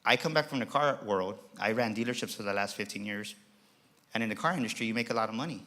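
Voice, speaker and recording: A middle-aged man emcees a motivational keynote on an auditorium stage, telling a personal story with passion and emphasis and acting out quoted voices. His voice is fairly low, fast, bright, and forceful.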